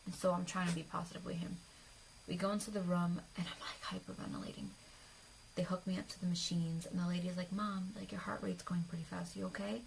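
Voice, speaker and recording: Young woman, gravelly, confiding storyteller; soft near-whispers, light background noise. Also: on the low side, level tone, a little fast, rough recording. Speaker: vlogger. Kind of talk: personal storytelling to camera.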